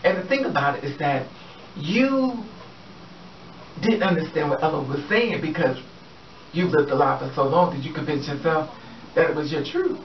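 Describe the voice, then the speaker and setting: A sassy, animated man rants about someone straight to camera, his voice a little high. He sounds set back from a muffled mic in a roomy space, with faint ambient noise behind him. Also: moderate pace, pauses often, recorded from a distance. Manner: sassy, animated, addresses the subject directly. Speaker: vlogger. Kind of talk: casual opinion rant to camera.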